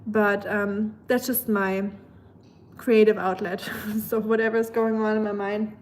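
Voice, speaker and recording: A woman's voice: medium pitch, level tone, a little slow, a little mellow, a little hiss or hum. A woman from Germany with a German accent, chatting casually and rambling with lots of fillers on a livestream. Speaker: live streamer.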